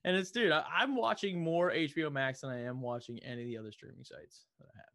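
A man co-hosting a casual podcast chat, laid-back and quick to laugh. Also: fairly high pitch, fairly bright tone.

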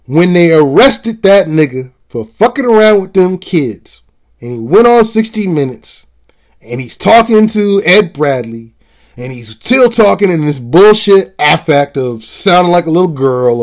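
Male show host, slightly higher-pitched voice, blunt and profane, hammering his points in a solo commentary. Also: a little mellow. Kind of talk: political commentary monologue.

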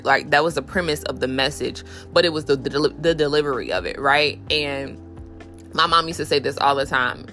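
A woman's voice: normal speed, fairly bright tone, soft background music. A woman hosting a podcast, talking candidly about faith with many fillers, restarts and acted-out voices. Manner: acts out inner voices with raised pitch. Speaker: podcast host. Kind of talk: casual faith talk.

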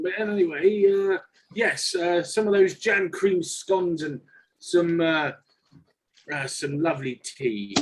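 A man playing a tabletop role-playing game, joking and hesitating, with lots of pauses. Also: high voice, poor audio. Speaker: player.

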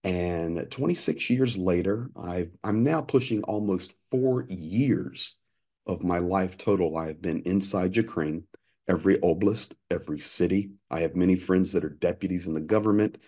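A man in his fifties, an interview guest telling lively anecdotes with frequent restarts. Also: deep voice, normal speed. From United States. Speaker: interview guest, aid worker. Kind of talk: conversational storytelling.

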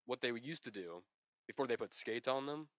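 A man's voice: mid-range voice, expressive, brisk, a bit bright, dry recording. A man co-hosting a casual comedy podcast, rambling and spinning absurd tall tales with a straight face. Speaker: podcast co-host.

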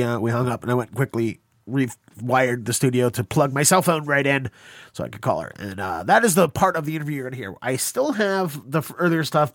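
A man's voice: mid-range voice, fairly bright tone, dry recording, clean studio sound. Self-conscious, rambling male podcast host. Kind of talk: casual interview chat.

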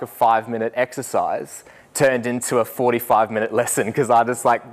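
A young man, a student teacher telling a lively story to a group and laughing as he goes. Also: medium pitch. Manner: animated, laughing, acts out voices in anecdotes. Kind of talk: storytelling talk.

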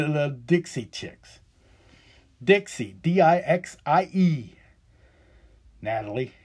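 Man in his fifties, podcast host, fairly high voice, heated profane rant full of sarcasm. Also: darkish tone. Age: 50s. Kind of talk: opinionated solo rant.

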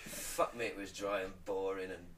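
Podcast co-host, off-mic with faint noise, sweary jokes. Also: male voice, sits low, fairly even intonation, normal speed, distant mic. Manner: swearing, jokey, dry asides. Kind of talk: casual chat.

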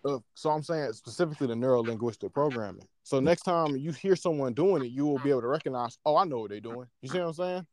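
A man in casual podcast chat, talking in an animated, slangy way and checking in with his listeners as he explains. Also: mid-range voice, quick pace, few pauses. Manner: animated, slangy, often asks "you know what I'm saying". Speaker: podcast co-host.

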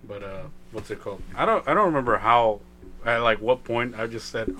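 A young man co-hosting a casual podcast, relaxed and laughing, often trailing into a low mumble. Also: a little fast. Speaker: podcast co-host. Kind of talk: casual chat.

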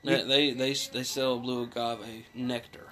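A man with a bright, forceful voice explains things patiently in casual chat, stumbling through fillers and restarts. Faint noise sits behind him. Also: medium pitch, level tone, a little slow.

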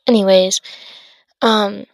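In a dry recording, an eighteen-year-old podcast host talks slowly in a gravelly, mid-range voice with fairly even intonation. Her solo chat is casual and rambling, strewn with fillers and self-interruptions, and she comes across as tired and yawny.

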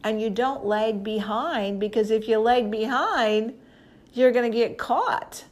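A woman's voice: fairly high pitch, measured pace. A woman preacher giving a conversational Bible teaching, talking emphatically and directly to her listeners.

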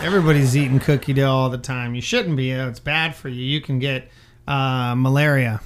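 A man's voice: medium pitch, fairly even intonation, brisk. A man co-hosting a comedy podcast in casual, jokey banter. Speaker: podcast co-host.

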